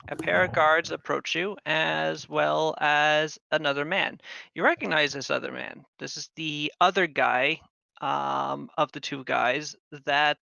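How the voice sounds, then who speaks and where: A man running a tabletop game as game master, narrating in a relaxed way with frequent ums. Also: fairly high pitch, vocal fry, dry recording. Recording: muffled lo-fi audio.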